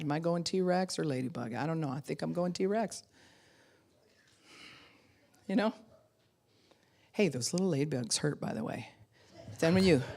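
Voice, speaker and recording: Low-voiced woman pastor preaching animatedly. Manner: animated, conversational preaching with acted-out quotes and laughter. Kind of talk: sermon.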